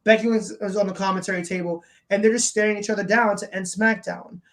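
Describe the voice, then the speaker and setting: Woman co-host chatting about wrestling, lively, keeps acting out quotes. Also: medium pitch, fast. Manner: animated, retells scenes by acting out quotes. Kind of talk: casual chat.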